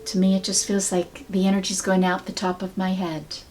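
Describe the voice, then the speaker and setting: A woman teaching a sound healing technique in a calm, measured, soft-spoken way, guiding the listener step by step. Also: medium pitch, slight background noise. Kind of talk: slow guided teaching.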